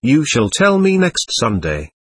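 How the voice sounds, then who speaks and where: A man voicing a loud, scolding middle-aged market woman. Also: medium pitch, huge pitch swings, a little slow, breathy edge, no room sound, clean studio sound, heavily acted.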